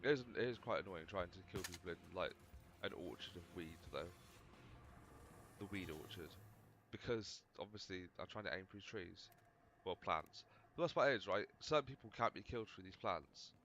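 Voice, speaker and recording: A man's voice: sits low, expressive, normal speed, fairly bright tone, slight background noise. A man casually commentating over his gameplay in a rambling, chatty, self-mocking way. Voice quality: slightly overdriven mic. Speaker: gaming video host.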